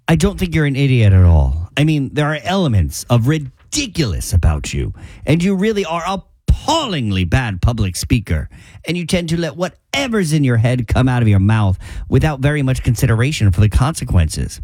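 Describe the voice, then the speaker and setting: Man doing a reserved British gentleman, put-on British accent, awkward, halting, lively pitch. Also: no room sound. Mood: awkward tender. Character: stiff, reserved British gentleman confessing affection. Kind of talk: radio show scene reading.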